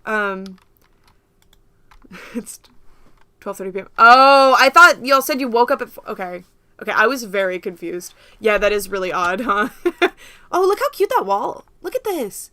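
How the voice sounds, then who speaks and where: A woman's voice: mid-range voice, lively intonation, measured pace, long pauses, pushed and bright, no echo. A young woman from the United States hosting a casual livestream, rambling and laughing often as she talks to viewers. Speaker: livestream host.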